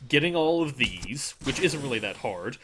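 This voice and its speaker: A man's voice: mid-range voice, very animated, moderate pace, a bit bright, a little hiss or hum. A man giving casual gaming commentary, chatty and explaining game details with many fillers. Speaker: let's play commentator.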